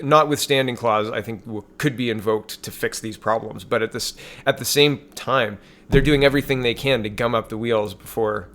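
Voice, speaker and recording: A man's voice: on the low side, creaky, fairly bright tone. A man from Canada giving casual political commentary, reading articles off his screen and adding scornful, sarcastic asides.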